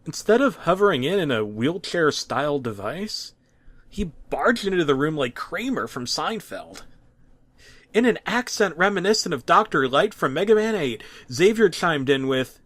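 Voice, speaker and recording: A man narrating a mock-serious horror story with a dramatic, deadpan delivery and occasional restarts. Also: a little high, normal speed, no echo. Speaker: creepypasta narrator.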